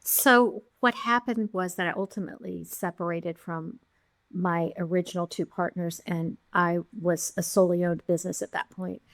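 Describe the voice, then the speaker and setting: A middle-aged woman, a podcast guest, telling her founding story with lively quoted voices. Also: lowish voice, moderate pace, no room sound, clean studio sound. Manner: animated storyteller, acting out quotes. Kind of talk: storytelling interview.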